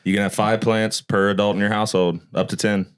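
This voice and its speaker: A man's voice: on the low side, little pitch movement, fast, smooth. A man who sings lead in a band, a podcast guest chatting bluntly and swearing freely. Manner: blunt, profane storytelling. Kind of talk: casual chat.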